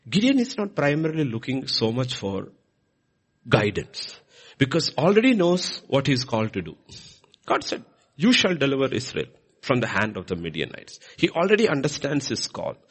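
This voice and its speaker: Male preacher, sermon, husky voice, lively swooping pitch, church. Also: moderate pace. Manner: animated, swinging pitch and loudness for emphasis.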